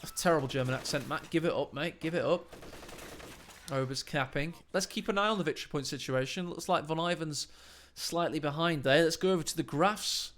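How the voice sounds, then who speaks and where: Bright-voiced game caster. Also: male voice, a little high, a little fast, a little hiss or hum. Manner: cheeky, joking asides. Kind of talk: casual play-by-play game commentary. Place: at home late at night.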